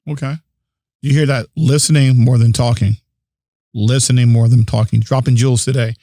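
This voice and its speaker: A man's voice: mid-range voice, steady tone, normal speed, warm tone, no echo, clean studio sound. A man hosting a podcast, interviewing a guest with encouraging, frequent backchannels. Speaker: podcast host.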